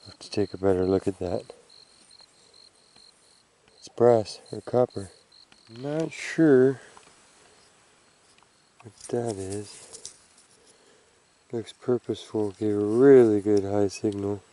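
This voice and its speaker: Male vlogger, unhurried low voice, outdoor camera mic, casual musing commentary. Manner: relaxed, musing, thinking aloud. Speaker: metal detecting vlogger. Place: outdoors under oak trees.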